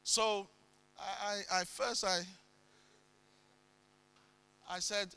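A man preaching a sermon with dramatic swings into sudden loud bursts. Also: sits high, measured pace, pauses often.

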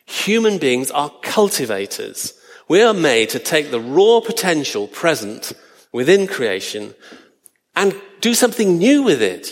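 A man preaching a sermon, earnest and slowing down for emphasis. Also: medium pitch, fairly bright tone, big-room sound.

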